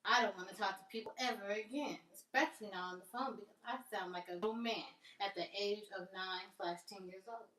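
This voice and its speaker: A woman's voice: medium pitch, brisk, few pauses, pushed and bright. A woman chatting casually on a live stream, rambling and amused by her own jokes. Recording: roomy, distant from the mic.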